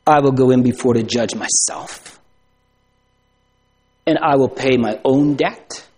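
A man preaching a sermon, asking rhetorical questions and swinging from loud emphasis to hushed tones. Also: mid-range voice, unhurried, slight background noise.

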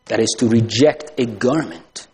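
A man preaching a sermon, asking rhetorical questions and swinging from loud emphasis to hushed tones. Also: mid-range voice, a little slow, slightly rough.

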